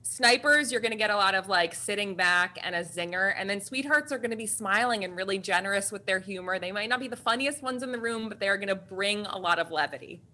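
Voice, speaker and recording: Woman, 30s, coach guest; bright, animated storyteller. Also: mid-range voice, quick pace, few pauses. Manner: lively, laughing, animated storytelling. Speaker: executive coach and co-author. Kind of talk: storytelling in a webinar interview.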